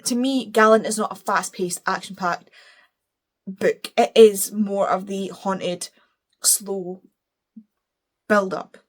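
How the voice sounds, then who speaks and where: A woman's voice: mid-range voice, steady tone, measured pace. A British woman talking casually as a book reviewer, opinionated and gushing, with playful self-deprecating apologies. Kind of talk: casual chat.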